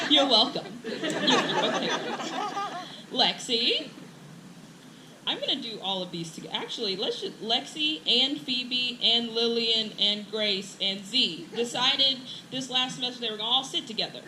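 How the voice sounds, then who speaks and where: Female teacher, graduation speech, giggly and teary, noisy echoey outdoor sound. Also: on the high side. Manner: emotional, laughing often, playful teasing. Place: outdoor ceremony with crowd.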